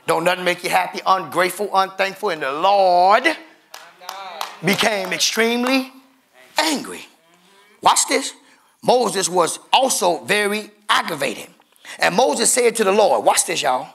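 A man's voice: high-pitched, lively intonation, unhurried, vocal fry, a bit bright. A man preaching a sermon as pastor, emphatic and calling out to his congregation, with features.

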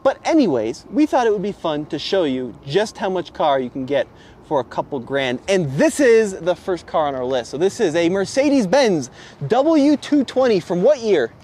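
A man's voice: high voice, very animated, normal speed, a little mellow, slight background noise. A man co-hosting a casual car review outdoors, wry and sarcastic as he shows off an old luxury sedan. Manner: wry, sarcastic, enthusiastic showman. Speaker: co-host presenting cars.

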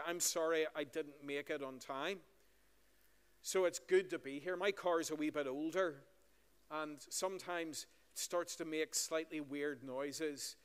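The pastor, a Northern Irishman, speaks in a slightly high, clear and resonant voice as he gives the children's talk in a big church. He tells a friendly story and quizzes the kids, with long hall reverb around him.

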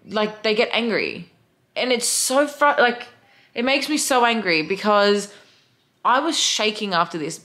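A young woman with an Australian accent, vlogging casually, animated and swearing freely with lots of "like" fillers. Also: medium pitch. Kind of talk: casual vlog storytelling.

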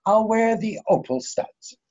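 A man playing a vain, pompous older English gentleman in a play reading over a video call, with a drawling, theatrical delivery. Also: sits high, expressive, unhurried. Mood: fussy. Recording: dull lo-fi video call audio.

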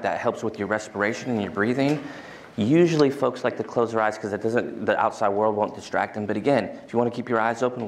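A male lecturer speaks in a low, gravelly voice with plenty of vocal fry. He talks in a casual, conversational way. He is teaching in a large lecture hall and at times leads a mindfulness exercise. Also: slight background noise.

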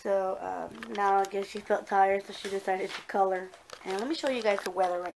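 Filming on a handheld phone at home and out in the rain, a young woman vlogs with her daughter over a noisy background. Her medium-pitched voice is steady, gravelly and a little fast, slipping between English and Spanish as she talks to viewers.

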